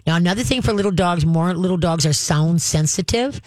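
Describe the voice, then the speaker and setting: An emphatic dog trainer walks an owner through training steps, pausing often to check in and demonstrating growls and firm commands. The recording is dry and close with no room sound, and the pitch sits in a mid range. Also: a little mellow, dry recording. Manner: emphatic, checks in with frequent "all right?", acts out growls and commands. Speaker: dog trainer giving advice. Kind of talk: advice conversation.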